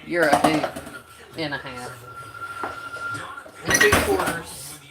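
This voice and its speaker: A woman's voice: sits low, slow pace, very noisy. A woman with a Southern US accent, chatting casually with viewers on a livestream, drawling and laughing often. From North Carolina. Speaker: livestream host.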